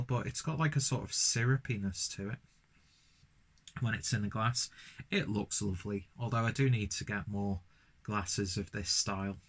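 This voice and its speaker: A man casually reviewing a beer, rambling with lots of fillers and restarts. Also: lowish voice.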